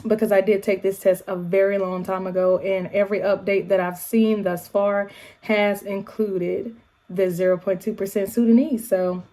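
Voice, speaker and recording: A woman with an African American English accent talks casually to her viewers at home, mellow and warm in tone. She is animated, throwing in quick asides and shout-outs as she chats. Her pitch sits in an ordinary middle range. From United States. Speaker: YouTube vlogger. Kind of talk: casual chatty vlog.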